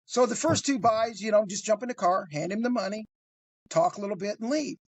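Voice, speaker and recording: A man telling a crime story on a podcast, animated and swearing freely, acting out the other voices as he goes. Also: sits high, brisk, no echo. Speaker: guest storyteller.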